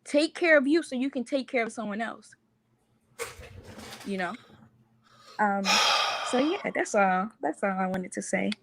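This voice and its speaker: A woman guest on a call-in show, speaking in a calm, encouraging, motivational way. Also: fairly high pitch, a little slow, long pauses, slight background noise. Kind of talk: motivational talk.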